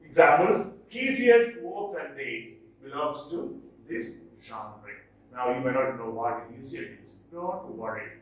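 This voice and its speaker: A man teaching English literature in a recorded lecture, explaining terms slowly and repeating key points. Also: mid-range voice, lively intonation. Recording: very echoey room, mic at a distance.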